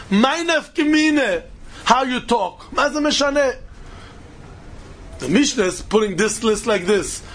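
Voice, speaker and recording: In a sing-song style, a man teaches a Talmud study lecture, sprinkling in Yiddish and Hebrew terms and rising into questions. His voice is very high-pitched with a fairly bright tone.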